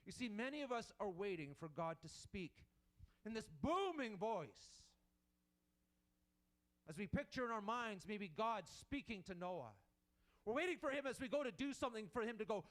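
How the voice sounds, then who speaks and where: A man's voice: high-pitched, sing-song, normal speed. A man preaching a sermon in an earnest manner, repeating and restarting as he builds his points.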